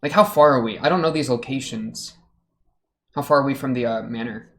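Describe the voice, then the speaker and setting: A man's voice: medium pitch, fairly quick, fairly bright tone. A young man hosting an anime reaction video, talking casually and joking in muttered asides as he watches.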